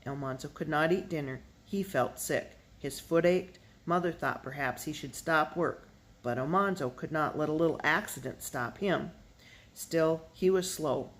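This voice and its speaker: An audiobook reader telling a children's novel aloud in steady narration, lifting the voice for the dialogue. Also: medium pitch, moderate pace.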